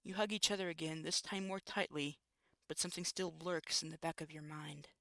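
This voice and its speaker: A streamer reading a visual novel aloud in steady storybook narration, now and then slipping in a quick aside. The tone is bright and clean. The recording is dry and close, with no room around it. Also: medium pitch, no room sound.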